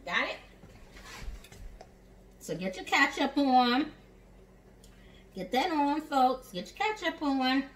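She's a home chef with a Southern US accent, speaking in a high, sing-song voice that takes things slowly and pauses often. Her cooking demonstration in her kitchen is chatty and encouraging, full of "y'all" and "honey." The recording is echoey and distant, with slight background noise.

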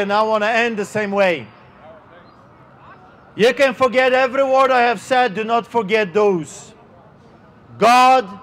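High-pitched, slow-preaching accented man. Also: a bit bright. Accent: non-native English accent. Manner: emphatic, slow preaching with drawn-out words. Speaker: street pastor. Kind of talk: outdoor street sermon. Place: outdoors on a city street.

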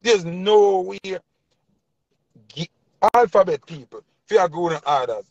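A man's voice: high-pitched, big pitch swings, normal speed, pauses often, dry recording. A man with a Jamaican accent delivering a passionate, preachy commentary rant in heavy Patois. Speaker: vlogger. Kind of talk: ranting commentary. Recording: dull lo-fi dry sound.

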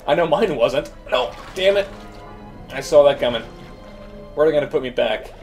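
A man's voice: a little high, animated, normal speed, a little mellow. Casual gamer host, man, talking himself through each jump over faint game music. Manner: chatty, thinks aloud. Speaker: let's play host. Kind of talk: gameplay commentary.

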